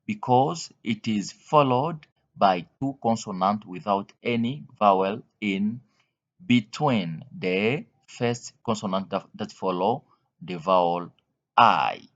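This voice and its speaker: A man's voice: lowish voice, fairly bright tone. A man teaching English pronunciation, reading word lists aloud one word at a time and explaining the spelling rules. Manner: slow, deliberate drilling of single words. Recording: dull lo-fi recording.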